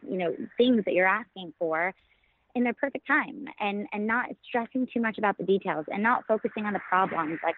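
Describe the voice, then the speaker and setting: A woman's voice: mid-range voice, fairly quick, slight background noise. Enthusiastic woman on a tinny line. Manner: enthusiastic, storytelling, warm laughter. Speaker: podcast guest. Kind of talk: conversational interview.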